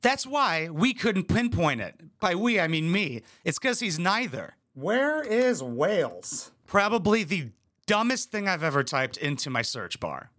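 A man rants through a crude comedy reaction, sarcastic and full of swearing. His voice is bright and edgy, sitting a bit high for a man and swooping all over as he mocks what he watches. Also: big pitch swings, moderate pace. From United States. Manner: profane, sarcastic, mocking. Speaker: commentary YouTuber.

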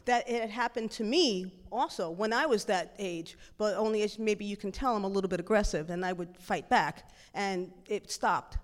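A middle-aged woman telling a personal story in a lively, animated way, jumping into acted-out dialogue. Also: mid-range voice, moderate pace, hardly any pauses, long reverb tail.

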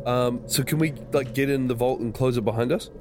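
A man's voice: medium pitch, steady tone, a little fast, background noise. A man playing a tabletop game, asking hesitant questions in casual chat. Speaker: player. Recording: music playing underneath.

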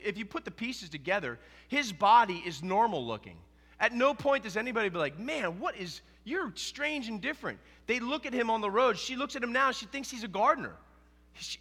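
A middle-aged pastor with a high, bright, forceful voice, preaching earnestly and stressing his points through repetition. His voice carries a long reverb, as if he stands in a large church sanctuary. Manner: earnest, emphatic preaching with repeated phrases. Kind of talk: sermon.

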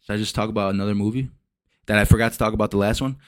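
A young man hosting a solo podcast, rambling and swearing as he retells movie scenes with lively energy. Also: on the low side, very fast, no room sound. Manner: rambling, profane, animated retellings. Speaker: podcast host. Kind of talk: casual solo podcast rant.

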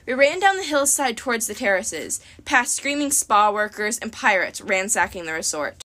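A woman narrating an audiobook in a lively, bright voice. Her pitch sits a little high and moves a lot, giving the reading plenty of swing. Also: normal speed. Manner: expressive. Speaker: audiobook reader.

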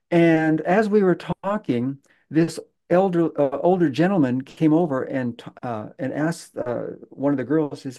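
Man, guest, storytelling, halting, lots of fillers, warm mellow tone. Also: fairly high pitch. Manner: halting, many fillers and restarts. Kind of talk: conversational storytelling.

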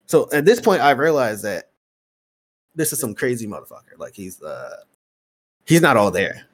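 At a moderate pace, a medium-pitched podcast host relays a long story conversationally. He's a profane, animated storyteller who voices both people in every exchange.

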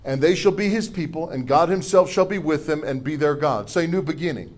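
A middle-aged pastor preaches a sermon in a fairly high-pitched voice at a brisk pace. He reads scripture and leads call-and-response with the congregation, mixing humorous asides with forceful declarations.

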